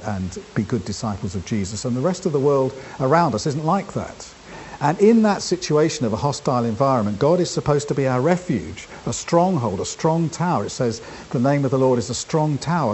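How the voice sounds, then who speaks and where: A man preaching a sermon, talking in an unhurried, thoughtful way with frequent fillers and restarts. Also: mid-range voice, a little mellow, slight background noise.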